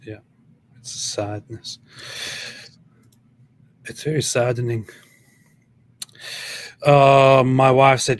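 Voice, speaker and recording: A man's voice: medium pitch, steady tone, very slow, pauses often. A middle-aged man co-hosting a live stream, chatting casually in an easygoing way, thinking aloud and often repeating himself. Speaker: livestream co-host.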